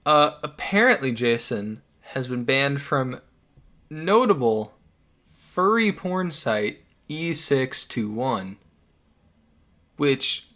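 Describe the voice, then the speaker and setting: A man's voice: mid-range voice, big pitch swings, takes it slowly, sharp tone. A man narrating an online commentary video in a sarcastic, crude way with lots of swearing.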